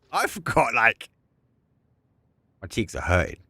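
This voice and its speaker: A man giving live play-by-play commentary on an esports match, excitable and prone to bursting into shouts and laughter at big plays. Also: medium pitch, measured pace, pauses often, no room sound, studio quality. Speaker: esports caster.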